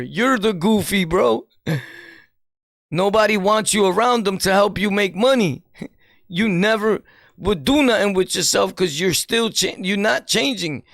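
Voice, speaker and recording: A man with a New York accent, a streamer giving an animated, preachy commentary in street slang and laughing often. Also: high-pitched, creaky, no echo, studio quality. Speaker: streamer and YouTuber. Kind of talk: casual commentary monologue.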